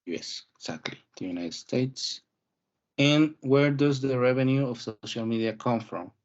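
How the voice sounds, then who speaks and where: A man's voice: medium pitch, moderate pace. A man teaching an English listening class, asking questions and explaining step by step in an encouraging way. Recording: dull muffled audio.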